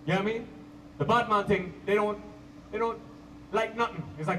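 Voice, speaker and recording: High-voiced stand-up comic. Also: male voice, fairly bright tone, slight background noise. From Trinidad. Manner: brisk, conversational storytelling. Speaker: stand-up comedian. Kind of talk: stand-up comedy set. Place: outdoor stadium stage. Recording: echoey, distant live stage audio.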